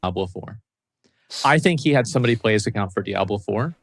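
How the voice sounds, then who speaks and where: A man's voice: on the low side, lively intonation, fairly quick, no room sound, clean studio sound. A man talking casually and emphatically, swearing for stress. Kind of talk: casual chat.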